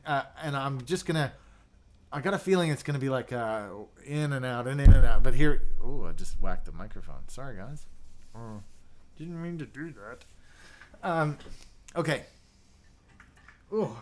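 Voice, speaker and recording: A man hosting a casual livestream, chatting loosely and reading out viewer comments with lots of fillers and restarts. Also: mid-range voice. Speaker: livestream host. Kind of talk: casual live chat.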